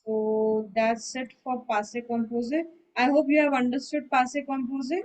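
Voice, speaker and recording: A woman's voice: on the high side, flat delivery, normal speed, a little mellow, poor audio. A woman teaching French in an online lesson, explaining patiently and often checking that her student understands. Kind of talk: online one-on-one language lesson.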